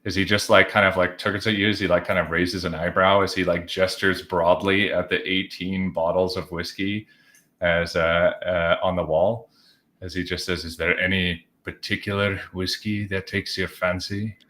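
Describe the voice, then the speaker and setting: A man's voice: low-pitched, level tone, moderate pace, bright, forceful tone. A man narrating as game master, rambling with many fillers. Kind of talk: improvised tabletop narration.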